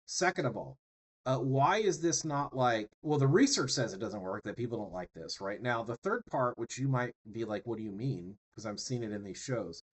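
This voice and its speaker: A man teaching a class in an easygoing, talky way. His voice sits at an ordinary middle pitch, and he keeps checking in with his listeners as he goes. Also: animated, normal speed, slightly rough, rough recording. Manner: conversational, many fillers and tag questions. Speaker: instructor. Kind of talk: classroom lecture.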